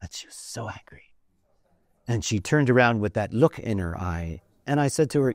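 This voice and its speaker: A man's voice: lowish voice, animated, normal speed, no room sound, clean studio sound. A man giving a conversational lecture, wandering into stories with many fillers and asides. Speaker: teacher of a spiritual system. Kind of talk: lecture with storytelling.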